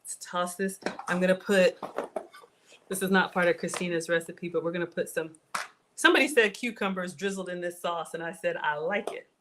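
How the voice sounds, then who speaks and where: A woman hosting a casual live cooking stream from her kitchen, chatty and excitable, talking straight to her viewers as she cooks. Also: fairly low pitch, fairly quick, slight background noise. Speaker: cooking livestream host. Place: home kitchen.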